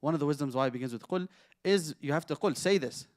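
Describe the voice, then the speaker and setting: In clean, dry studio audio, a sheikh with a fairly high voice leads a conversational Quran lesson. He asks his listeners questions and recites Arabic verses at a quick pace.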